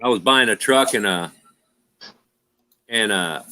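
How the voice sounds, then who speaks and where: A man's voice: lowish voice, animated, unhurried, bright, forceful tone. A middle-aged man hosting a casual livestream, rambling through trucking stories with lots of laughs. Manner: rambling, laughs often, says "freaking". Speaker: livestream host. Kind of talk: casual chat and storytelling.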